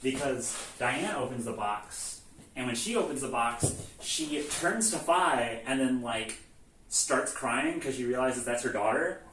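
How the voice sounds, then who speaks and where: A man's voice: mid-range voice, expressive, a little slow, fairly bright tone, a little hiss or hum. A man casually recapping a game's story, rambling with lots of "like" and swearing, and acting out the lines. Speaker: host recapping a video game series. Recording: echoey room, far from mic, faint ambience.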